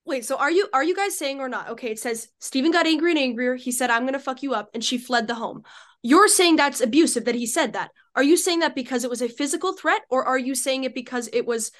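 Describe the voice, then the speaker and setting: A woman's voice: high voice, fast talker, fairly bright tone. A woman in a heated online debate, picking apart how events were worded, heard over a video call. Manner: argumentative, picks apart wording.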